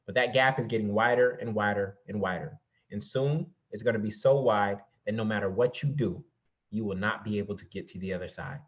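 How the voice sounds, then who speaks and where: A man's voice: fairly low pitch, fairly quick. Preachy male investing coach, slightly muffled. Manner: preachy, addresses audience as y'all with rhetorical questions. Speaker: real estate investing coach. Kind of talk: motivational presentation. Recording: slightly dull lo-fi recording.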